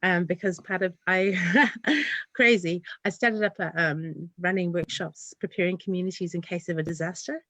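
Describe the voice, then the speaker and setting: A New woman speaks in a lowish voice, earnest and heartfelt. Her thoughts run on from one to the next in casual interview chat. The sound is dry and close. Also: steady tone, normal speed, fairly bright tone, dry recording. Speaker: community developer, guest.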